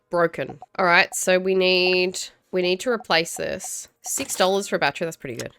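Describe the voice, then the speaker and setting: An Australian woman narrates her gameplay in a casual, chatty way. Her voice sits a little low, and she keeps up a self-deprecating running commentary as she works. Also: vocal fry, fairly bright tone. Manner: chatty, self-deprecating, talks to herself while playing. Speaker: gaming YouTuber.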